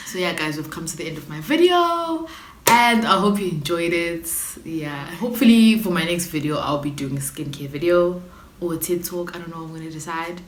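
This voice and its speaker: A young South African woman on YouTube tells her vlog audience a story in a lowish voice at a moderate pace, using slang and getting animated with sudden dramatic outbursts. The recording has the echo of a bare room and a faint hiss.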